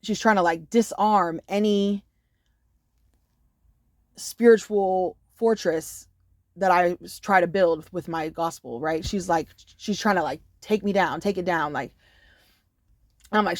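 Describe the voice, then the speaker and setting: A woman telling a casual storytime monologue to camera, animated and profane, with many "you know"s. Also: lowish voice, unhurried, pauses often, dry recording, studio quality. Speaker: storyteller vlogger.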